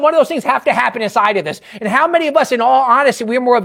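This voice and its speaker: Gravelly-voiced man preaching a sermon. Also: extremely high pitch, lively intonation, quick pace, hardly any pauses, a bit bright. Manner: conversational storytelling with joking asides; repeats phrases, self-interrupting. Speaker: visiting preacher.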